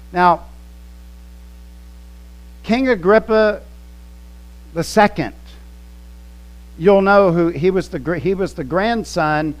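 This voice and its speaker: A man delivering a sermon at a slow, deliberate pace, leaning hard on key words. His voice sits a little high for a man. A faint electrical hum runs under the recording. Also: low-quality recording. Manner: slow, emphatic teaching with quoted scripture and word studies. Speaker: pastor.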